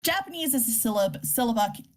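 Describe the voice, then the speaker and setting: A woman's voice: a little high, sing-song, fairly quick. Casual woman teaching a poetry workshop. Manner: casual, with many fillers and restarts; reads poems aloud. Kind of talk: informal live lesson.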